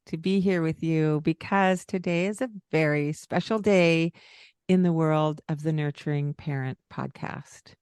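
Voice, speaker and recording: Older female podcast host, lowish voice, emotional and soft, dry close mic. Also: takes it slowly, clean tone, no room sound. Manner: warm, tearful, soft-spoken at times. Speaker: parent coach and podcast host. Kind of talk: casual heartfelt chat.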